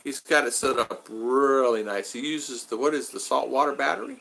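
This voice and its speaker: A man with a gravelly, sharp mid-range voice runs a relaxed livestream from home in the Philippines, speaking at normal speed. He reads the chat, addresses viewers by name, and wanders off on tangents, often saying the same things again.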